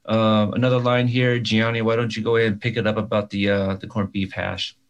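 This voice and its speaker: A man's voice: lowish voice, flat delivery, fairly quick, lo-fi sound. Rambling casting director man. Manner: rambling, stammering restarts. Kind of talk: comedic sketch, audition scene.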